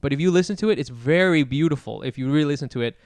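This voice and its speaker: A man's voice: fairly high pitch, very fast, darkish tone, no room sound. A man co-hosting a podcast, chatting casually with frequent agreement and restarts as he reflects. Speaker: podcast co-host.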